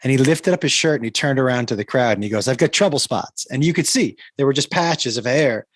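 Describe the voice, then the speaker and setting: A man telling stories about an old comedian friend in an interview, animated and acting out the exchanges he recalls. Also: mid-range voice, quick pace, no echo. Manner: lively anecdote-teller, acts out dialogue. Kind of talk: anecdotal storytelling.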